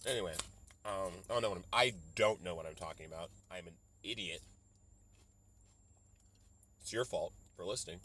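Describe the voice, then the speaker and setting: Bright-voiced man ranting on his podcast. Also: sits low, normal speed, long pauses, slightly rough. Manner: rambling and profane, slipping into mock voices for quotes. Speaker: podcast host. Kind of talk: solo comedic podcast rant.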